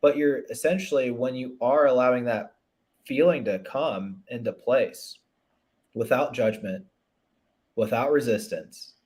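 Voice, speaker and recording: An unhurried man with a mid-range, slightly mellow voice gives a conversational interview as a relationship coach. Earnest and reflective, he frequently restarts and leans on "you know."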